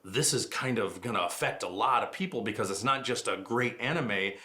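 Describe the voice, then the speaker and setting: A middle-aged man, a voice actor, telling animated stories in a casual interview. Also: fairly low pitch. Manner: fast, animated anecdotes with quick asides.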